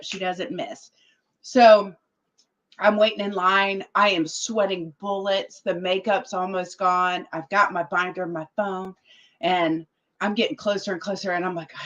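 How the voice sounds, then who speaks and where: A woman guest telling a story in a casual interview, animated and quoting others as she goes. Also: mid-range voice, lo-fi sound. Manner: animated, quotes other people in their voices. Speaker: political guest.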